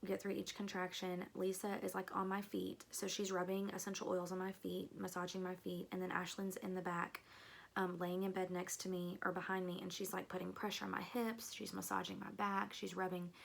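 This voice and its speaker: Chatty young woman with vocal fry. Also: fairly low pitch, flat delivery, brisk. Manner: chatty, rambling with fillers and asides to viewers. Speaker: vlogger. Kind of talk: casual storytelling.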